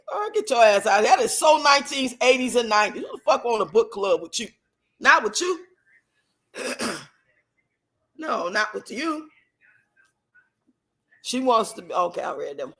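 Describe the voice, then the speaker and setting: A woman's voice: fairly high pitch, pushed and bright. A woman in her fifties hosting a casual commentary vlog, sassy and profane, laughing often as she reads chat comments. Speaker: channel host.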